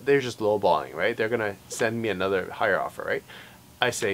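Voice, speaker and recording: A man's voice: lowish voice, animated, brisk, fairly bright tone. Chatty realtor man explaining rules. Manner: conversational, many fillers, acts out client dialogue. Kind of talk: casual explainer talk to camera.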